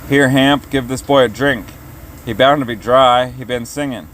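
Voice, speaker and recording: A man's voice: medium pitch, moderate pace, a bit bright, slight background noise, lightly acted. A man doing a wizened old farmer. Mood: kindly. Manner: plain, stubborn country talk.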